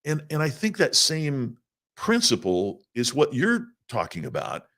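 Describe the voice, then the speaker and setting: A man's voice: mid-range voice, wildly swooping pitch, unhurried, fairly bright tone. A middle-aged man, a podcast guest, telling a story earnestly and often repeating his first words.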